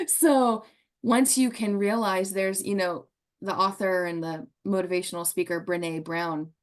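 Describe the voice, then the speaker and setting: A woman talks on a podcast in an earnest, emotional way, with a laugh coming through now and then. Her voice sits at a middle pitch. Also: fairly even intonation, measured pace. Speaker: guest. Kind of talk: podcast conversation, storytelling.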